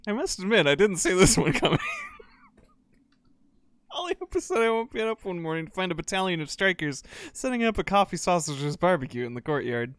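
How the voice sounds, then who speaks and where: A man's voice: a little high, expressive, fairly quick, fairly bright tone, smooth, dry recording. A man commenting on a story game, rambling and laughing with casual swearing. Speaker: let's play host. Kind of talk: game commentary and reading aloud.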